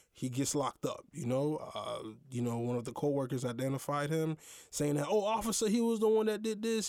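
A young man hosts his own show, recorded in a clean studio with no echo, telling a personal story in a mid-range voice. His delivery is slangy and animated, packed with fillers, like casual storytelling.

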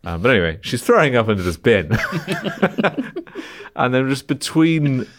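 A man's voice: mid-range voice, big pitch swings, moderate pace. A young man telling a funny story in a casual chat, in a dry, self-mocking way.

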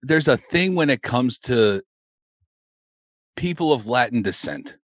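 A man's voice: mid-range voice, expressive, a little slow, fairly bright tone, no room sound, lo-fi sound. A man from New York City co-hosting a casual podcast, blunt, profane and opinionated. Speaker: podcast co-host. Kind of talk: casual wrestling podcast chat.

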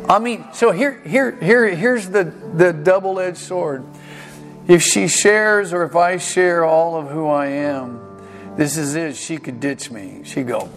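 A male pastor preaching a sermon, telling a self-deprecating story with halting restarts and acted-out dialogue. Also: a little high, faint music behind. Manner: halting restarts and repeated words.

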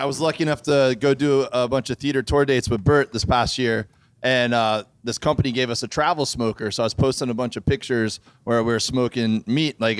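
A man's voice: mid-range voice, clean tone, dry recording. Easygoing man who laughs a lot. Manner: laughs often, easygoing, quick remarks. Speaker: guest comedian. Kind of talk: live podcast banter. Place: brewery stage before a live audience.

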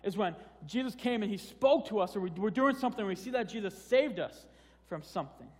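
A man's voice: high-pitched, lively intonation, brisk. A man preaching a sermon in a casual, conversational way, often restarting phrases and repeating words. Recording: long hall reverb.

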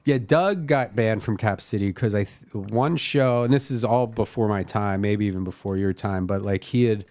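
Swearing, animated male storyteller. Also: lowish voice, moderate pace, dry recording. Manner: animated storyteller acting out quotes, swears freely. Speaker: stand-up comedian telling a story. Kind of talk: casual podcast chat.

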